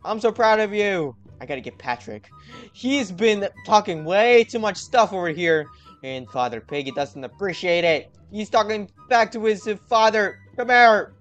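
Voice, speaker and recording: High-voiced excited young gaming host. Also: male voice, normal speed, soft background music. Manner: energetic, talks to viewers, hypes himself up. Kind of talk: excited gameplay commentary.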